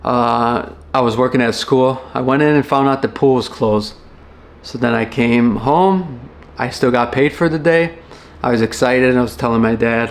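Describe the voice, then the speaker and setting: A young man from Chicago, a former firefighter, telling a personal story in a halting, reflective way with many restarts. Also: mid-range voice, steady tone.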